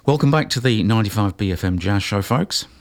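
Deep-voiced New radio host. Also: male voice. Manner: relaxed and unhurried, with frequent pauses and "uh" fillers. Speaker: radio jazz show host. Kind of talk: casual radio presenting between tracks.

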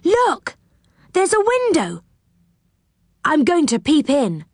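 Woman reader voicing a curious young storybook boy, high and eager, with big swoops of pitch. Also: big pitch swings, moderate pace, no room sound, clean studio sound. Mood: excited. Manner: eager, exclaiming. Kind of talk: storybook reading.

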